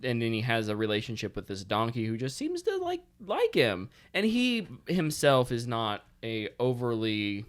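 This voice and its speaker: Lively earnest man rambling casually. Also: medium pitch, moderate pace, hardly any pauses, smooth. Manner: earnest, rambling, laughs easily. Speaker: podcast guest. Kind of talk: casual chat.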